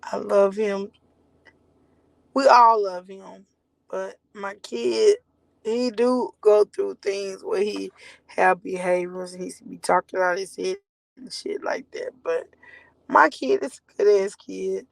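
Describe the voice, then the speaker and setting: A woman's voice: mid-range voice, takes it slowly, gravelly, dry recording, poor audio. A woman in her forties, a mother talking candidly to her viewers in a blunt, rambling way and swearing freely. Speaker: mother telling her story. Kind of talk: candid direct-to-camera talk.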